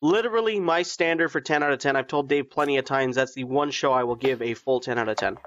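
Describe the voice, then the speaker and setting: A man's voice: mid-range voice, fast talker, fairly bright tone, no echo. Eager man on a dull, dry mic. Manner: eager, teasing, asks probing questions. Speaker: podcast co-host. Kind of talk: casual chat.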